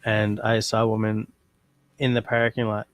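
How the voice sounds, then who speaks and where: A man's voice: on the low side, monotone, normal speed. A man co-hosting a casual livestream, telling rambling anecdotes. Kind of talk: casual chat.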